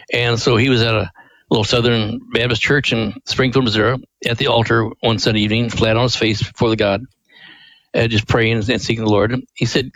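A man, the director of a ministry, telling its founding story in a radio interview, earnest and lively with quoted voices. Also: mid-range voice, no room sound, poor audio.

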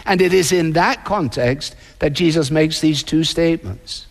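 A man preaching in a church, his voice sitting on the high side and talking through a sermon in an earnest, conversational way. Rhetorical questions keep it moving, and a long reverb trails each phrase across the large hall. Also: a little slow, gravelly. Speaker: pastor.

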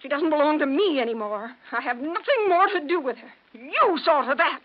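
A vengeful, spiteful mayor's wife hisses cold threats in a high voice. It is a 1940s radio drama, and the old recording sounds dull. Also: female voice, lively intonation, fairly quick. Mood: menacing.

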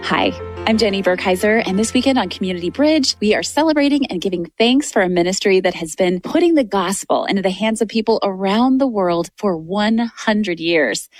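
A woman's voice: mid-range voice, no room sound, studio quality. A woman hosting a faith-based radio interview, speaking in a gracious, reverent manner. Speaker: radio show host.

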